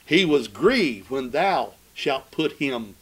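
A man preaching a sermon, asking questions of his listeners and swinging between loud emphatic cries and hushed low asides. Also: sing-song, slow, husky, rough recording.

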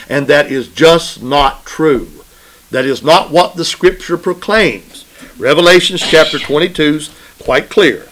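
Man preaching, sermon delivery, slow deliberate pace, fairly high voice, emphatic repetition. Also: fairly bright tone, poor audio. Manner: call-and-response preaching, asks congregation "right?"; emphatic, repeats phrases for stress.

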